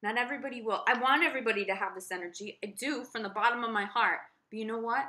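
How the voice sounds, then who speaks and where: Woman doing a tarot reading for her channel, bright voice, all spiritual and gushy, talks right at you. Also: mid-range voice. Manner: emphatic, speaks straight to the viewer; spiritual, effusive. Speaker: tarot reader.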